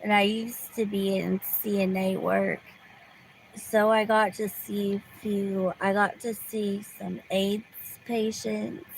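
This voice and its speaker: A woman talks slowly to her viewers from her car, her voice gravelly with fry. She rambles and restarts her sentences, sometimes slipping into a whisper. Faint background noise sits under the phone recording. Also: medium pitch, level tone, low-quality recording. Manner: rambling, restarts often, drops to a whisper at times. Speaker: vlogger. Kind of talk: casual storytelling to viewers. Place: car in a parking lot.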